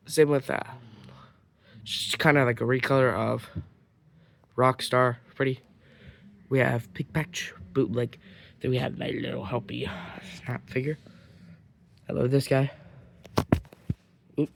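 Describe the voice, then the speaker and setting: A man from Ireland talking through his toy collection in a loose, rambling way. He fills his sentences with fillers and restarts, and now and then drops almost to a whisper before picking back up. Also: medium pitch. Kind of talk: casual collection show-and-tell.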